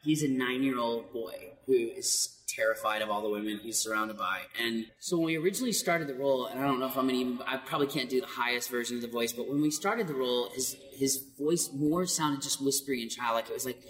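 A man's voice: mid-range voice, fast talker, few pauses, far from the mic. A man, a voice actor, telling stories in an interview with lots of laughter. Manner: animated, laughs often. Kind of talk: casual interview storytelling. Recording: echoey hall with faint noise.

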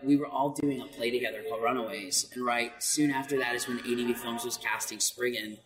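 A man voice actor with a light, high voice, chatting animatedly in an interview and laughing between quick asides. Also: steady tone, big-room sound, music in the background, poor audio. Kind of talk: casual interview storytelling.

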